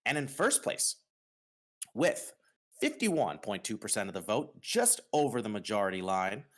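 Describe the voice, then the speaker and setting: A man from New York hosting a casual podcast, announcing results with dramatic pauses. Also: lowish voice, sing-song, a bit bright. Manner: upbeat, dramatic pauses on reveals. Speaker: host.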